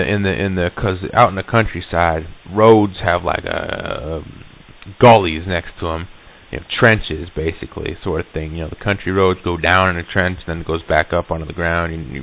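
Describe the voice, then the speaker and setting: A shaken vending serviceman recounts his story with stops, stammers and restarts, as a man plays him. His voice sits very low and comes through thin and tinny, like an old reel-to-reel tape recording. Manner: halting, stammering, full of restarts and fillers. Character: shaken male vending serviceman recalling a haunting. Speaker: vending machine route worker giving a recorded account. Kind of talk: hesitant spoken recollection on tape.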